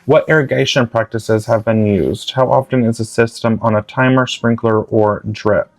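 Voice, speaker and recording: A man's voice: medium pitch, steady tone, moderate pace, no echo. A man teaching a gardening class, reading slide bullet points aloud in clipped fragments. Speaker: master gardener instructor.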